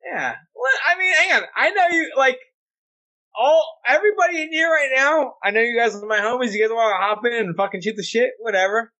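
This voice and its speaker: A man with a high, bright, animated voice hosts a casual podcast over a video call. He jokes loosely and swears freely. His pitch jumps all over as he talks. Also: brisk, muffled recording. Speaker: podcast host.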